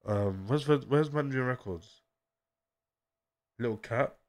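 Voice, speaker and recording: A young man reacts on a live stream in a casual, excited way. He repeats slang and drifts into quiet mumbles as he reads things out. His mic sounds dry and close. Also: mid-range voice, unhurried, dry recording.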